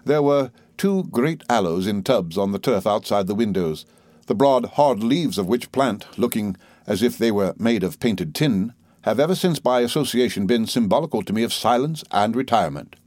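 Steady man reading a novel. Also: fairly low pitch, moderate pace, no echo. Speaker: audiobook narrator. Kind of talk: scripted narration.

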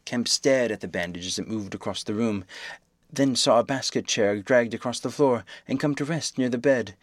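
A man reading a novel aloud as audiobook narration, in steady, measured storytelling. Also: medium pitch, no echo.

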